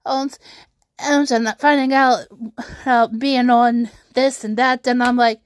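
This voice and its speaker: A woman's voice: on the high side, flat delivery, slow pace, no room sound. A young woman telling an upsetting personal story on her vlog, rambling with many restarts and fillers. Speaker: YouTuber.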